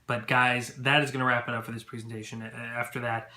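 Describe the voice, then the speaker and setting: Excitable chatty man in an echoey room. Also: medium pitch, fast. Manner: chatty and excitable, many fillers. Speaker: movie vlogger. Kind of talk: casual event recap to camera.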